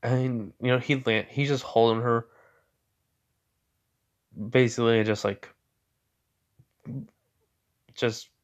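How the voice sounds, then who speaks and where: A man's voice: medium pitch, steady tone, slow pace, long pauses. A young man retelling a fan story in a rambling, casual way, full of fillers.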